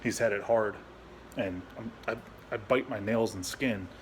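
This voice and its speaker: A man's voice: on the low side, slight background noise. Frustrated young man rambling into his phone. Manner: frustrated, rambling, heavy swearing; halting, restarts often. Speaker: veteran vlogger. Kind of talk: candid personal vlog. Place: at home.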